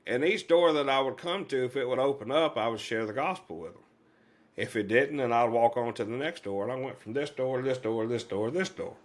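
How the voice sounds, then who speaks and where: A man's voice: medium pitch, fairly quick. A middle-aged man, a podcast guest earnestly telling a long personal story, rambling with many fillers and restarts.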